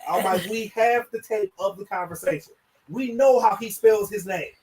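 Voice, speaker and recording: A man's voice: high voice, moderate pace, a little mellow, recorded from a distance, low-quality recording. A man telling stories in casual chat, acting out quotes and laughing often.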